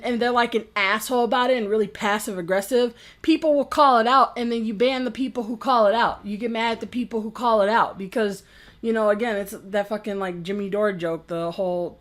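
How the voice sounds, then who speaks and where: A woman with a fairly high voice delivers an angry vlog rant. She swears constantly and sounds exasperated, mocking the people she is criticising. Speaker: game reviewer vlogger.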